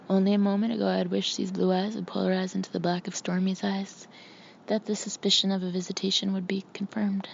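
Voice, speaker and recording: A woman narrating an audiobook in a steady, measured reading. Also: medium pitch, vocal fry, a little hiss or hum. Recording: slightly muffled recording.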